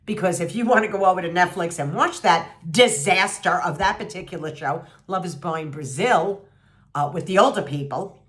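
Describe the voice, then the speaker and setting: A woman in her sixties venting to her viewers about a TV show, blunt, sarcastic and salty, mimicking people and jumping up in disbelief. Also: moderate pace. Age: 60s. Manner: blunt and salty, mocking voices, swings pitch up in disbelief. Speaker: vlogger reviewing a TV show. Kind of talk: animated, sarcastic rant to camera.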